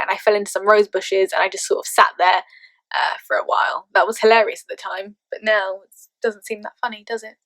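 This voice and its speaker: A young English woman chats through vlog tag questions in a playful, talkative way, laughing easily between answers. Her voice sits at an ordinary middle pitch. It is recorded close and dry, with no room sound. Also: fairly bright tone, no echo. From England. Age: 20s. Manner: chatty, playful, laughs often. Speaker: vlogger.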